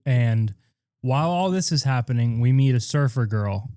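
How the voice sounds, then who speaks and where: A man's voice: medium pitch, normal speed, clear, resonant tone, dry recording, clean studio sound. Profane rambling male podcast co-host. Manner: rambling, profane, animated retelling with quoted voices. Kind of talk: casual crude storytelling chat.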